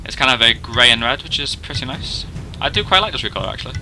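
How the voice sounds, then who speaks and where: A man's voice: mid-range voice, lively intonation, quick pace, sharp tone, slight background noise, low-quality recording. A young man casually narrating a video game, chatty and self-deprecating, rambling as he goes through the features. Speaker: gaming video host. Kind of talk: casual gameplay commentary.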